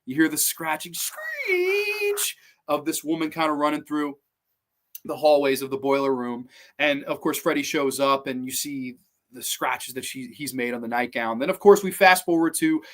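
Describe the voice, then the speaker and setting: Guy with a slightly high voice rambling excitedly about horror, swears a lot, casual countdown talk. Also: normal speed. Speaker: horror movie show host.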